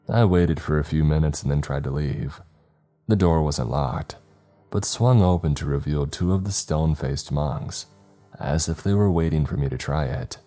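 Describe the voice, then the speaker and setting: A man narrates a horror story in an extremely deep, dark voice. His delivery is slow, grave and measured, like a practiced storyteller. Quiet music plays faintly behind him.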